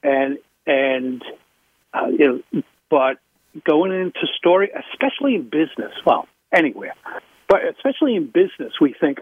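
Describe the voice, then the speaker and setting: A man, a public speaking coach, talking in an interview with emphatic, animated leaps in pitch. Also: normal speed, vocal fry, breathy edge, no room sound. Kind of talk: interview talk. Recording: tinny phone line.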